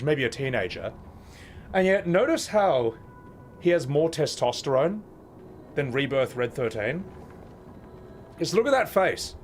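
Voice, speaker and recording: A man streaming and chatting casually with his viewers, playful and swearing, cooing at his cat. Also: a little high. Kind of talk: casual live-stream chat.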